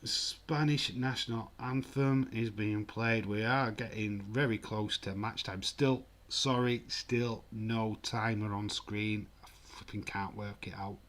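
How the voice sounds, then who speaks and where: A man's voice: lowish voice, steady tone, slow pace, few pauses, a bit bright. A man hosting a football watch-along stream, chatting casually and jokingly while he reads comments from the chat. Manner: chatty, jokey, mock-offended.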